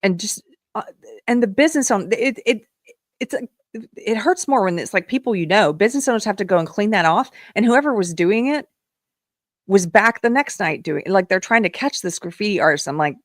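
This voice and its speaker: A woman's voice: medium pitch, animated, no echo, studio quality. Sarcastic woman hosting a live commentary show. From South Carolina, US. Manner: sarcastic, emphatic, quick to scoff. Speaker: show host.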